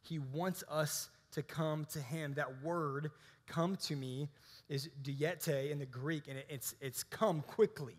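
Pastor preaching, echoing church hall. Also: male voice, fairly high pitch, fairly even intonation, slow pace. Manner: conversational preaching with frequent restarts. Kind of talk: sermon.

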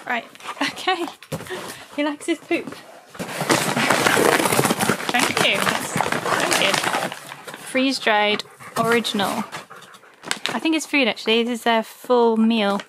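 A woman with a high voice talks casually at home, breaking into a sing-song coo for her dog. There is clear background noise, with the dog moving around nearby. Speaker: vlogger opening fan mail with her dog. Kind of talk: casual chat.

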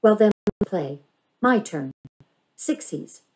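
A woman voicing a calm older girl who teases her cousin offhandedly in a storybook reading. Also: medium pitch, slow, breathy edge, pitched above the performer's own voice, low-quality recording. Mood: teasing. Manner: teasing, offhand.

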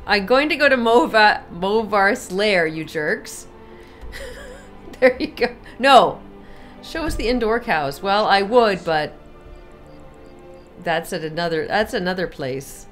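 A woman streaming a video game, playful and exclamatory, laughing and reacting as she plays. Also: mid-range voice. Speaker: gaming streamer. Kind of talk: live game commentary.

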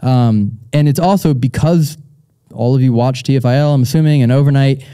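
A young man hosts a live Q&A on stage, talking loosely with plenty of fillers and restarts. His voice is mellow and dark, and the sound is close and dry. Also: medium pitch, fairly quick, clear, resonant tone, no echo. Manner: relaxed and rambling, many fillers and restarts, laughs often. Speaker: show host. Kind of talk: casual live Q&A chat. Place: stage at a live audience event.

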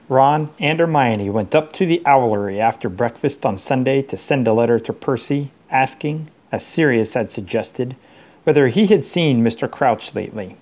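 Gravelly-voiced man reading a storybook. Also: medium pitch, a little mellow. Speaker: parent reading to his children. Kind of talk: reading a novel aloud.

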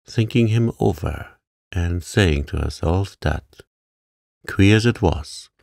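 A man reads a sleep story in a calm, gentle way. His voice is very low and gravelly, with a slow pace, and he is recorded close on a dry mic. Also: no room sound.

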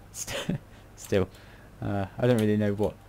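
British guy muttering through a build tutorial, bit low and gravelly, goes off on tangents. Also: darkish tone. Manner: rambling, self-mocking, muttering to himself. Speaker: game tutorial creator. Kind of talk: casual building tutorial commentary.

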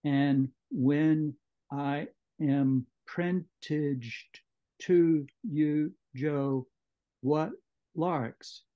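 A man reading aloud a letter written by a young boy, slowly and deliberately, on muffled audio. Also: on the high side, steady tone. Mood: earnest.

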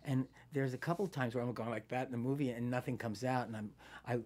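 A man's voice: mid-range voice, quick pace. A man in his sixties, an actor as guest, telling anecdotes in a casual interview, swearing freely and acting out quoted lines. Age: 60s. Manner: animated storyteller, swears freely, acts out quotes.

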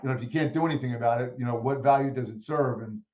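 A man telling stories as a guest in an interview, acting out the people he quotes with lively energy. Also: mid-range voice, very fast, roomy sound, dull audio, a little hiss or hum. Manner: animated storyteller who acts out quoted voices. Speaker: guest speaker. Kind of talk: storytelling in a podcast interview.

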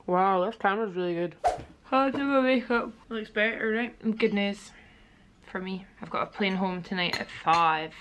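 A woman's voice: fairly low pitch, fairly bright tone, slight background noise. A young woman vlogging to camera from a hotel room, chatty and candid while she feels unwell. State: feeling unwell. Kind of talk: casual vlog talking to camera.

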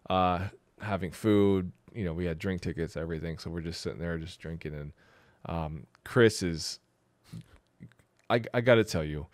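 A man's voice: deep voice, moderate pace, dry recording. A young man co-hosting a podcast, telling stories in casual chat, laughing often and trailing off mid-sentence. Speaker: podcast co-host.

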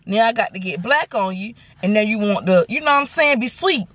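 A woman, telling a story to her viewers in a casual, animated, sassy way from inside a car. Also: mid-range voice, brisk. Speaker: vlogger. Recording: car noise behind the voice. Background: car and road noise.

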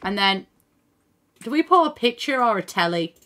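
A very animated woman streamer speaks at a moderate pace in a high-leaning, bright, forceful voice. Seated at her home computer with a desk microphone, she plays while chatting casually, thinking out loud, reading chat, and swearing at times.

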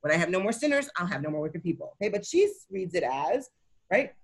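A woman's voice: fairly low pitch, sing-song, quick pace, slightly rough. A woman teaching a Talmud study session, explaining each line and often checking in with her listeners. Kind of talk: co-taught text study session.

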